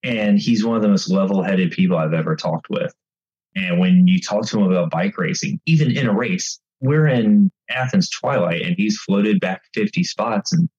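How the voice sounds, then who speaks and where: A man with a very low, husky voice tells bike racing stories in a casual, animated way. The sound is slightly dull and muffled. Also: normal speed. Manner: animated, acts out race chatter. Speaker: bike racing guest commentator. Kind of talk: casual storytelling.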